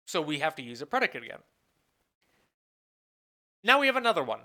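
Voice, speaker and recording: A professor lectures in a lively, bright voice whose pitch rises and falls widely. They think aloud, pose questions to the class and answer them, and stop to restate phrases mid-sentence. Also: brisk. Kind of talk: recorded lecture at a whiteboard.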